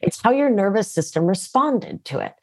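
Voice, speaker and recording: A middle-aged woman speaking as a guest coach in a casual interview. She is animated and slangy, and often tags her sentences with "right?". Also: medium pitch, normal speed, breathy edge.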